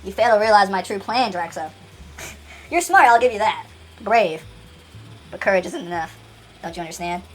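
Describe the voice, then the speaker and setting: A woman voicing a scheming male villain who taunts slowly and gloats. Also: mid-range voice, expressive, faint music behind, natural voice. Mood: menacing. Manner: slow, taunting villain speech.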